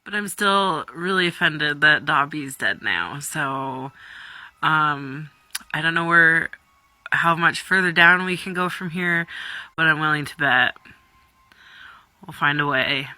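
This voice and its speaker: A woman's voice: sits low, takes it slowly, long pauses, bright, forceful tone, dry recording. A woman in her twenties reacting emotionally to movies in a casual vlog, rambling and dropping whispered asides. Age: 20s. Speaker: YouTuber.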